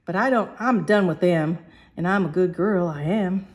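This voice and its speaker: A woman voicing a poor, defiant young flower girl who talks in a shrill, pleading, stubborn way. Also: normal speed, a little mellow, close to an everyday voice.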